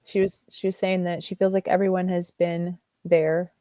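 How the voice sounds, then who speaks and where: A woman's voice: on the low side, flat delivery, normal speed, dark tone, dry recording. An American woman hosting a casual podcast chat, telling stories in a chatty way. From United States. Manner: chatty, storytelling. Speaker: podcast host.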